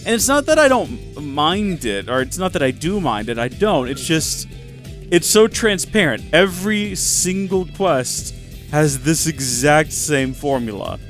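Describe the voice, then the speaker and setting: Wry, high-voiced man playing a game. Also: very animated, unhurried, fairly bright tone, soft background music. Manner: wry, chatty asides. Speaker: let's play host. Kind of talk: casual gameplay commentary.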